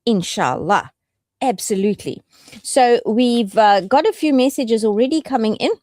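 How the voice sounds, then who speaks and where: A woman's voice: on the high side, lively intonation, normal speed, darkish tone, no echo. A woman hosting a radio show in the studio, playful and affectionate in casual chat. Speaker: radio host.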